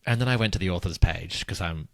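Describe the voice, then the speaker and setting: A man co-hosting a podcast, chatting casually and telling gossipy stories in an animated way. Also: low voice, quick pace, gravelly, no echo. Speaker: podcast co-host, author. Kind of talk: casual chat.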